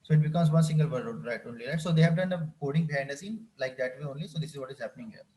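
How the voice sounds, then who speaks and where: A man's voice: on the high side, rapid-fire, darkish tone. A man teaching a live coding class, often repeating phrases and checking whether his students follow. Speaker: instructor.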